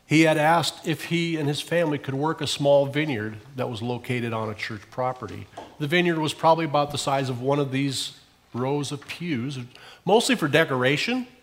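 Male pastor, church sermon, swells and falls, story-led. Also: normal speed. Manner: storytelling preacher, swelling louder on key phrases and dropping low at ends.

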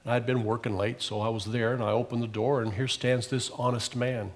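A male pastor preaching a sermon in a church, telling a story and pressing hard on key phrases before dropping low at the ends. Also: level tone, brisk.

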